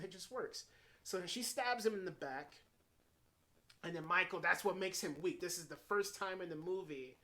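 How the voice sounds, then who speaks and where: A man giving a casual spoken film review, excitable and swearing freely as he runs through scene after scene. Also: a little high. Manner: excitable, swears freely, strings events with "and then". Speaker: movie reviewer.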